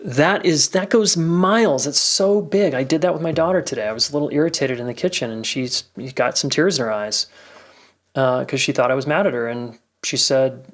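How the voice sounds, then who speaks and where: A man at a mid-range pitch hosts a podcast and wraps up the episode with casual, enthusiastic coaching. He talks straight to his listeners and keeps checking in with "all right?". His delivery stays friendly and motivating throughout. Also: moderate pace. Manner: acts out warm validating phrases while speaking. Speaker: podcast host. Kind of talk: casual solo outro talking straight to listeners.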